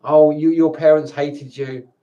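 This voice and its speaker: A man in a personal video monologue, tired and upset, talking in halting bursts with repeated words and frequent swearing. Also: a little high, little pitch movement, mellow, highs cut off. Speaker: vlogger. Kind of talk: emotional personal monologue to camera.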